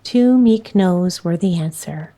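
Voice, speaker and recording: A woman narrating a bedtime chapter book in a calm, soothing way. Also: on the low side, takes it slowly. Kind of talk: sleepy bedtime story reading.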